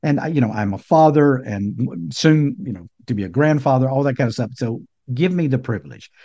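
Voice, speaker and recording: Mellow-voiced man in his sixties. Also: mid-range voice, expressive, a little fast, no echo, highs cut off. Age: 60s. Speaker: healing coach. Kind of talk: reflective personal storytelling monologue.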